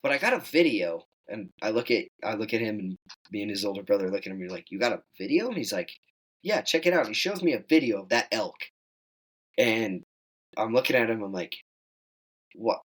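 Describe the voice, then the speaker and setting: Teen male guest, lowish voice, animated storyteller who jumps up in pitch for quoted lines. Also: brisk, rough recording. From Wyoming. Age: teens. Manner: animated, acts out quoted dialogue in higher voice. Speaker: guest hunter. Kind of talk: casual storytelling.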